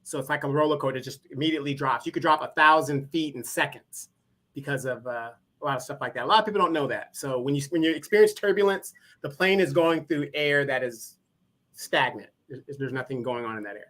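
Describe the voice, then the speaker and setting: A man's voice: a little high, fast talker, a bit bright. Matter-of-fact man explaining in casual chat. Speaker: co-host.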